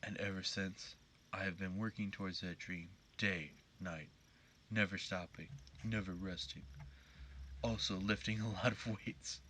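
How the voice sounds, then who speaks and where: A man's voice: low-pitched, fairly even intonation, a little slow, sharp tone, a little hiss or hum. A man doing a sentimental old chef mascot. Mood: dreamy. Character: earnest older male chef mascot, sentimental and dreamy. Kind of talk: reading game dialogue aloud.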